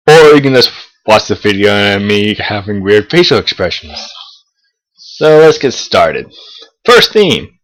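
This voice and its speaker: A man's voice: on the low side, poor audio. Young adult male vlogger; loose, profane, meandering delivery with hesitant restarts. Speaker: college student vlogger. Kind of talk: casual talking-head vlog. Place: South of the United States.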